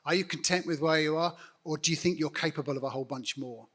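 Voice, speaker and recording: Earnest man, higher-pitched voice. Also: fast talker, hardly any pauses, a bit bright. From United Kingdom. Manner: earnest, direct, appealing to the audience. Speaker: guest church network leader. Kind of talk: on-stage interview speaking to a congregation.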